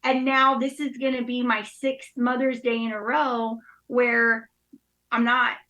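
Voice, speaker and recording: A woman's voice: fairly high pitch, little pitch movement, a little slow, bright, forceful tone, low-quality recording. A woman in her thirties speaking candidly and emotionally in casual chat, with many fillers. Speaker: guest.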